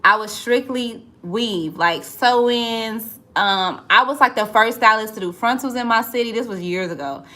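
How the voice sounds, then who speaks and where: A woman's voice: on the high side, normal speed, hardly any pauses, pushed and bright. A woman chatting casually on a livestream, greeting viewers by name and calling them y'all. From St. Louis. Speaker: livestream host and entrepreneur.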